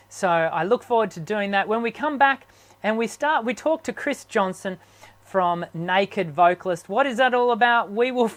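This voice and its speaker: A man hosting a live online chat as a singing teacher, his voice strained from sickness, talking haltingly with many ums and restarts. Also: high-pitched, a bit bright. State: sick, strained voice.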